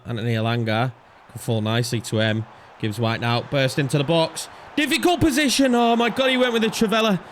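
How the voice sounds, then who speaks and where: A young man commentating his own football video game match in a chatty way, swinging between calm analysis and frantic pleading. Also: medium pitch, slight background noise. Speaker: gaming YouTuber. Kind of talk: live gameplay commentary.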